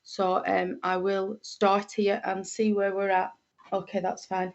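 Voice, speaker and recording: A woman's voice: mid-range voice, level tone, measured pace. Chatty Lancashire woman, dull lo-fi audio. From Lancashire, England. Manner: chatty, homely, with frequent fillers and repeated greetings. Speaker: medium. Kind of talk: livestream greetings and mediumship reading.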